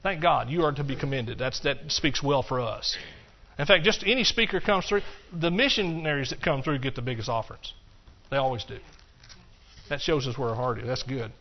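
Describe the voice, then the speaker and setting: A pastor preaching a sermon to his congregation in a folksy, animated way, swinging between loud bursts and hushed asides. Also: mid-range voice, a little fast, highs cut off, a little hiss or hum. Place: church.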